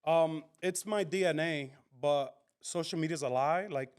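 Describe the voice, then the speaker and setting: A man's voice: a little high, normal speed, clear, resonant tone. A Spanish-speaking man from the Dominican Republic with a Dominican accent, a comedian talking animatedly in a casual podcast interview, switching between English and Spanish. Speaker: comedian guest.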